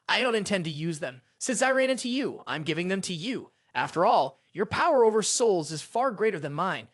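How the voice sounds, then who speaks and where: Male narrator as a proud sun god, indignant, high and animated, storybook recap. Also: a little fast, dry recording, clean studio sound, heavily acted. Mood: calm. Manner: indignant, complaining.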